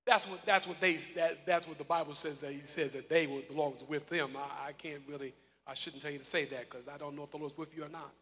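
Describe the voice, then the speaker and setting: A male pastor preaching a live sermon, calling on congregation members by name and breaking into loud shouts. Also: a little high, steady tone, fast. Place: large church hall. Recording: live in a reverberant hall with congregation.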